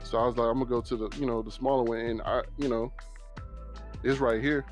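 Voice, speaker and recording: A man's voice: mid-range voice, fairly even intonation, fast talker, soft background music. A man with a Southern US accent, a podcast guest telling a story in casual chat and acting out what others said. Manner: laid-back storyteller, acts out quotes.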